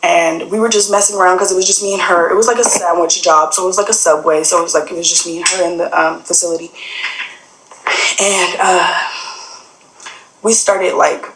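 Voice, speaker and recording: A woman's voice: lowish voice, steady tone, fairly quick, fairly bright tone. A young adult woman telling a personal story in a casual, rambling way, full of fillers and quoted back-and-forth dialogue. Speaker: guest sharing a personal story. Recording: roomy echo.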